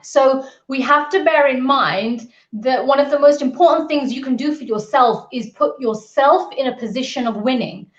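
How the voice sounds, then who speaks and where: Animated high-voiced woman on a roomy call. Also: normal speed, few pauses. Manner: candid, energetic, storytelling with acted quotes. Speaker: guest speaker, business mentor. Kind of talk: virtual event talk. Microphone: video call. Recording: roomy, slightly dull audio.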